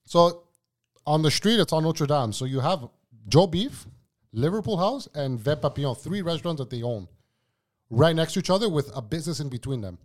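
A man's voice: a little high, expressive, moderate pace. A man, a former cook telling kitchen stories in a casual, profane chat. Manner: profane, storytelling, says bro a lot. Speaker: podcast guest, former cook.

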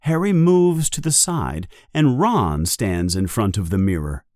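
A man narrating a children's story in a slow, deliberate, expressive way. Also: on the low side, no room sound, studio quality. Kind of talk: storybook reading.

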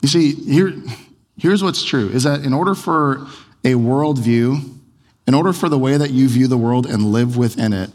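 A man's voice: medium pitch, normal speed, a little mellow, big-room sound, slight background noise. A man preaching a sermon in a conversational way, firing off a chain of rhetorical questions. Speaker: pastor.

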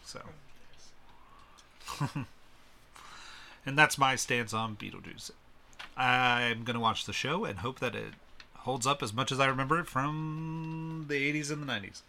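A man's voice: mid-range voice, steady tone, a little slow, gravelly, long pauses, bright, forceful tone, slight background noise. A man co-hosting a casual podcast chat about a film, laughing often and restarting his sentences. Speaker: podcast co-host.

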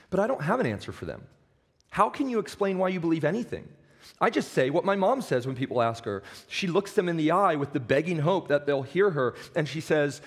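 A pastor preaching a sermon, earnest and emphatic, slowing down for weight and sometimes stumbling over restarts. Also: male voice, a little high, slightly rough. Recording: long hall reverb.

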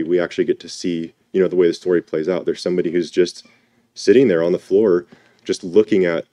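Low, mellow-voiced man preaching casually. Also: no echo. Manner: casual, reflective, with many fillers. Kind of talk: informal sermon with scripture reading.

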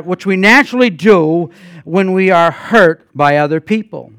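An older man preaches as a guest pastor, spinning homespun stories full of fillers and false starts. His smooth, slightly high voice rises into loud emphatic passages and drops to quiet asides. The sound is dry and close. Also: dry recording. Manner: folksy storytelling with many fillers and restarts. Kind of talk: sermon.

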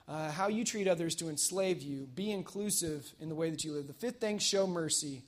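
A man preaching a casual, energetic sermon at a church service, telling stories in a chatty way with fillers. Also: on the high side, brisk, hardly any pauses. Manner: energetic, conversational storytelling with fillers. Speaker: pastor.

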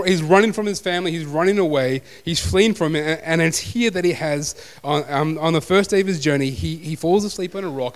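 A man preaching a sermon as pastor, conversational and self-deprecating. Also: mid-range voice. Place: church hall. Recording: long hall reverb.

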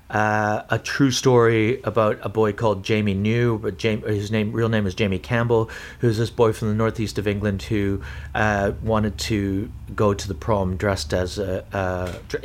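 A man's voice: on the low side, little pitch movement, moderate pace. A man, a stage actor, chatting as a podcast guest in a rambling way, often correcting himself and laughing. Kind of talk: casual interview chat.

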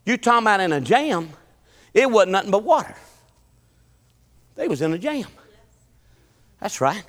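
A middle-aged man, preaching a folksy, animated sermon full of repetition and bursts of song. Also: high voice, normal speed, big-room sound.

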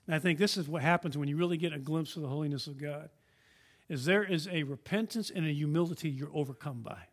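Earnest high-voiced male preacher. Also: fast talker. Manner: earnest, emphatic, rising and dropping to a hush; repeats and restarts words. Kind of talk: sermon.

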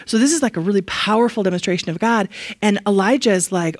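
A woman giving a casual, animated Bible lesson. She is chatty, laughs often and leans on fillers. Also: medium pitch, fairly quick, dry recording, studio quality. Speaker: Bible teacher.

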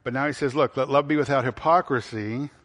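A man's voice: medium pitch, brisk, fairly bright tone, long reverb tail. A man preaching a sermon in an ordinary mid-range voice. He puts questions to the congregation and answers them himself. He repeats key phrases for emphasis, with frequent fillers. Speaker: pastor.

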